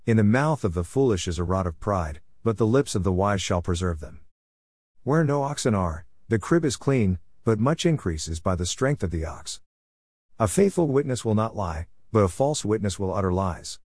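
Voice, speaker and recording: A man with a lowish voice reads scripture in a steady, unhurried way. He gives the archaic verses an even, measured delivery. The recording is dry and close, with no room sound. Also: no echo. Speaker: scripture reader.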